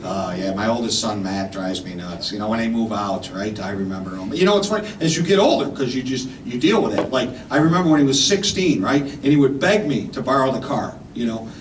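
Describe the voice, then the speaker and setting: A man's voice: mid-range voice, lively intonation, fairly quick, few pauses. A man in his fifties performing a stand-up comedy set, rambling and punchy, tossing in "right?" and "man" as he goes. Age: 50s. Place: comedy club stage. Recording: echoey club mic heard from far off, audience noise. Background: audience laughter.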